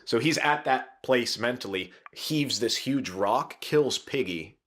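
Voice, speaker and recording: A man's voice: mid-range voice, animated, takes it slowly, fairly bright tone. A man on a podcast, casually retelling a novel's plot in a rambling way and laughing now and then.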